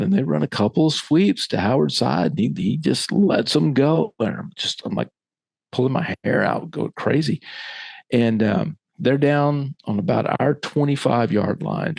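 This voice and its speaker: Gravelly man telling a coaching story. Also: medium pitch, normal speed, no room sound. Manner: lively storyteller who acts out quoted voices. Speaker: author and former middle school football coach. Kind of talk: casual storytelling in a podcast conversation.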